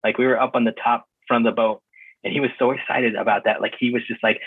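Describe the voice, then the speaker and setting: Husky man on a tinny phone line. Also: medium pitch, fairly even intonation, fast, dry recording. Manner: rambling, many filler words and restarts. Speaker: guest. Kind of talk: casual conversation recounting a trip. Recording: muffled phone-line call.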